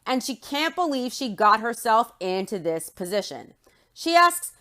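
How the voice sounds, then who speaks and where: A woman with a somewhat high voice runs through a reality TV episode in her own commentary. She is blunt and indignant, throwing in sarcastic jabs as she goes. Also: animated, a little slow, fairly bright tone. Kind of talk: opinionated recap commentary.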